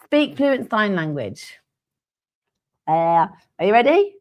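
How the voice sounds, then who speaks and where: A woman's voice: mid-range voice, big pitch swings, slow pace, a little mellow. A woman co-hosting a live web show, laughing and teasing her co-host in playful chat. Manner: giggly, teasing, jokey.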